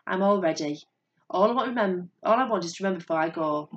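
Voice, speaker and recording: A woman's voice: lowish voice, fast, lo-fi sound, a little hiss or hum, natural voice. A woman voicing an old bear king who is proud but tired and pleading.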